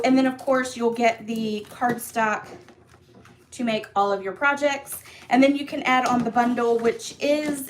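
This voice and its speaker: A woman with a slightly high voice talks her viewers through a craft project in a casual live stream. She is chatty and upbeat, and she fills her sentences with ums and little laughs. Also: slight background noise. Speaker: craft demonstrator hosting a live class. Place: home craft room.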